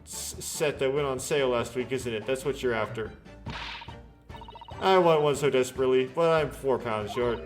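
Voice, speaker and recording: A man's voice: medium pitch, moderate pace, faint music behind, close to an everyday voice. A man reading as a sly ten-year-old girl. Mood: wheedling. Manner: reading game dialogue aloud. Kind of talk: game dialogue read-aloud.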